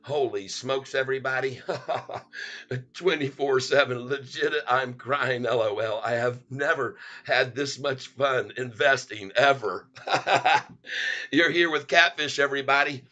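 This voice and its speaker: A man's voice: medium pitch, unhurried, pushed and bright, dull audio. A middle-aged man hosting a stock market livestream, joking, rhyming and laughing often as he hypes his viewers. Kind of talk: playful sing-song stock chat.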